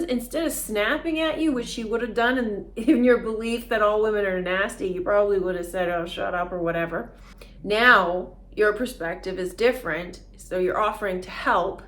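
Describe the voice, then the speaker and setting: A woman's voice: medium pitch, normal speed, a bit bright. A woman vlogger talking casually and earnestly through a self-help idea, often laughing as she explains.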